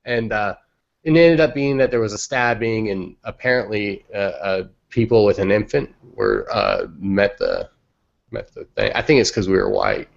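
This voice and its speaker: A young man with a gravelly, somewhat low voice tells stories in a blunt, heated, profane way. He comes through a muffled, lo-fi online call connection, as co-host of a casual podcast. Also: very animated, moderate pace. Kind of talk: casual storytelling. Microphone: remote call microphone.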